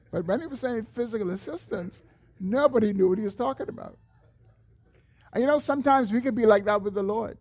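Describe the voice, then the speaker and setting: A man preaching a sermon as pastor. He is earnest, lifts his voice when he quotes a prayer, and drops low and slow at the end of phrases. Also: a little mellow.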